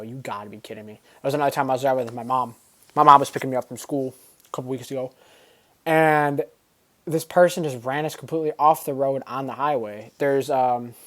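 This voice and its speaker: A man talking casually to camera in a vlog, rambling with lots of fillers and slang. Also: mid-range voice. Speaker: vlogger.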